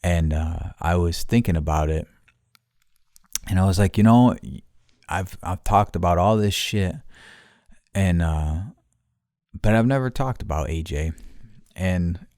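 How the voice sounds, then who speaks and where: Host, male, very low voice, dry close sound, rambling and profane, solo podcast chat. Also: a little slow, pauses often, darkish tone, no echo. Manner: rambling, heavy swearing, loses his train of thought. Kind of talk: casual solo podcast monologue. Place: outdoors.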